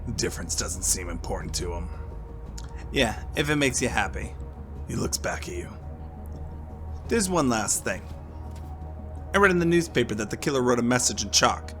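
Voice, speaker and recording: A man's voice: mid-range voice, expressive, normal speed, long pauses, fairly bright tone, soft background music, pitched above the performer's own voice, lightly acted. A man voicing a streetwise informant who talks brusquely and with emphasis. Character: shady male informant, pushy and streetwise.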